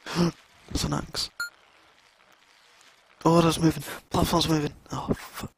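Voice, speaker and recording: A young man streaming a video game, reacting live with excitable exclamations and swearing at what happens on screen. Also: a little high, slow, creaky, a little hiss or hum, rough recording. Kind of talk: live gameplay commentary.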